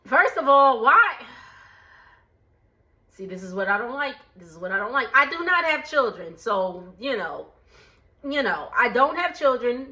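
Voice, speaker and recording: A woman's voice: fairly high pitch, sharp tone, muffled recording. A woman casually recapping a reality show, chatty and laughing often.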